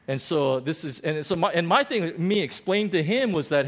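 A pastor telling a story from his own ministry during a sermon, animated and self-deprecating, often restarting his sentences. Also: on the high side, moderate pace, few pauses.

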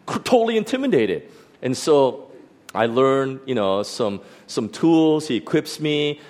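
A middle-aged pastor telling a personal testimony in a sermon, animated and full of restarts and fillers. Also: male voice, medium pitch, normal speed.

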